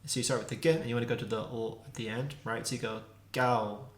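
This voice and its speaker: A man's voice: mid-range voice, fairly even intonation. Guy teaching pronunciation, says sounds again and again, roomy echo. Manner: repeats sounds slowly, demonstrating. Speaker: language teacher. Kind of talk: casual pronunciation lesson. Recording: echoey room.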